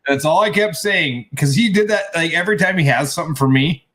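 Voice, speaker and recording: A man's voice: on the high side, a little fast, fairly bright tone. A man co-hosting a casual chat, telling a story in a rambling way with many restarts. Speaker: co-host.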